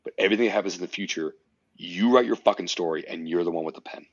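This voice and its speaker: A powerlifter guesting on a casual podcast talks fast and intensely in a deep, husky voice, swearing often and telling stories with emphasis. The audio is dry and slightly muffled, with no room sound.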